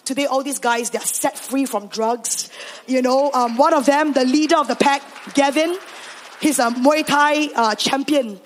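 A Singaporean woman pastor telling her story in a sermon, animated and sprinkling in Singlish particles. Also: high-pitched, unhurried, a little hiss or hum. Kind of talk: sermon testimony.

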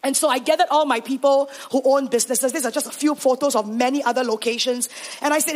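A Singaporean woman pastor telling her story in a sermon, animated and sprinkling in Singlish particles. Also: high voice, fast talker, hardly any pauses. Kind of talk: sermon testimony.

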